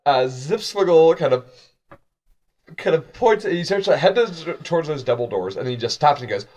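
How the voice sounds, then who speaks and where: A man's voice: fairly high pitch, expressive, moderate pace, a little mellow. A man running a tabletop game as game master, laughing often and talking with many fillers.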